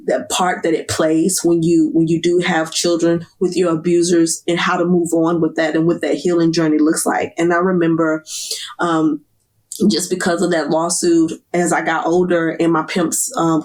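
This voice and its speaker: A woman's voice: on the low side, darkish tone. Earnest woman sharing a hard testimony. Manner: earnest, emotional, halting with fillers. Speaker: guest. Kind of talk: candid personal testimony.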